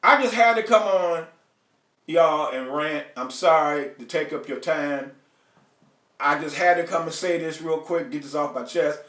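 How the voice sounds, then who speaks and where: This American livestream host speaks at a measured pace in a slightly high, somewhat bright voice, picked up from a distance in a reverberant space. He rants profanely and bluntly, naming individual viewers as he goes.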